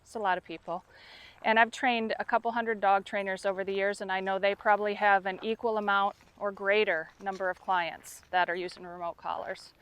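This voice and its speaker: A woman's voice: mid-range voice, little pitch movement, fairly quick, a bit bright, clean tone. A woman dog trainer making a direct, impassioned appeal to the camera, openly emotional as she speaks.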